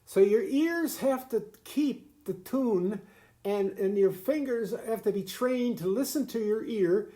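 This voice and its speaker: Old grandpa rambling thru a fiddle lesson, mellow voice, lots of stops and restarts. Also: male voice, high voice, takes it slowly. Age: older. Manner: rambling, folksy, stumbling restarts and chuckles. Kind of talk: casual home video lesson.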